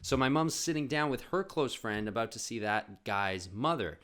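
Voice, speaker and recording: A man's voice: mid-range voice, expressive, normal speed, fairly bright tone. A man hosting his own podcast, telling a funny family story in a rambling casual way, swearing and saying "like" a lot. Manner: rambling, swears, says "like" often. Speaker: podcast host.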